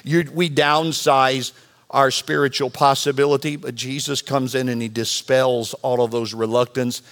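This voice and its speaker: A man preaching a sermon as pastor, animated and bantering with the congregation. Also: medium pitch, normal speed. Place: church sanctuary.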